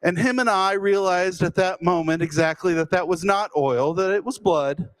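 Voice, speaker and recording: Guy telling a funny story about himself, bit high voice, dry comic timing. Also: normal speed. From Fort Worth, Texas. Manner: self-deprecating, deadpan comic timing. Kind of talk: humorous personal storytelling.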